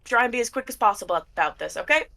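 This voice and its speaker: A woman game master voicing a brisk, no-nonsense man in a suit, curt and commanding, in a tabletop role-play. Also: on the high side, expressive, creaky, bright, forceful tone, exaggerated voice. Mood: urgent.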